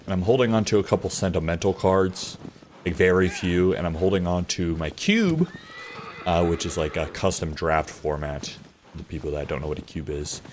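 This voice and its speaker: A man's voice: low-pitched, moderate pace, darkish tone, a little hiss or hum. A man streaming a video game from his home office, chatting casually with many fillers and the odd swear. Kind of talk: casual live-stream chat while gaming.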